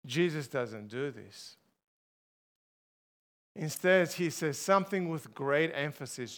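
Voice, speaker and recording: High-voiced, slow, emphatic male preacher. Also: fairly bright tone. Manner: emphatic, asks the congregation rhetorical questions. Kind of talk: sermon.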